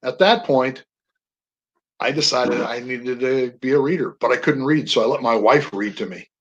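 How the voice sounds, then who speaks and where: A man's voice: mid-range voice, normal speed, muffled recording. Older man telling stories with energy. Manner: storytelling, animated emphasis on words. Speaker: guest, veteran. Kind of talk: radio interview.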